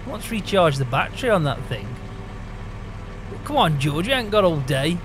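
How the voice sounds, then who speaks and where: A man's voice: a little high, sing-song, normal speed, background noise. A man playing a farmhand in a game roleplay, teasing and chuckling in banter.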